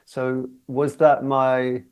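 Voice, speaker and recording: A man in his sixties, a guest singer telling stories in a relaxed interview, chatty and often laughing as he talks. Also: medium pitch, drawn-out words, clean tone. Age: 60s.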